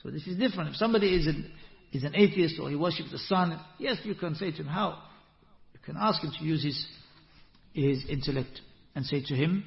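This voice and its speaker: A man giving an Islamic lesson, explaining verses and reciting Quran passages, animated, with rising rhetorical questions. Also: a little high, a little fast, gravelly. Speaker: Islamic teacher. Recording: echoey hall, muffled lo-fi sound.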